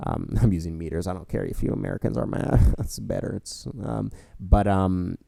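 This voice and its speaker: A man's voice: low-pitched, moderate pace, gravelly, mellow, no room sound, clean studio sound. A young man co-hosting a podcast, telling stories in a rambling casual way with many fillers. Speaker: podcast co-host. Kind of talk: casual storytelling chat.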